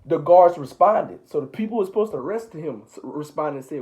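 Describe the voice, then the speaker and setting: A young man leading a Bible study for his little brother, reading passages and retelling them in relaxed slang. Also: on the high side, fairly quick, hardly any pauses, rough recording. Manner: paraphrases scripture in relaxed slang. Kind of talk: casual Bible reading and explaining.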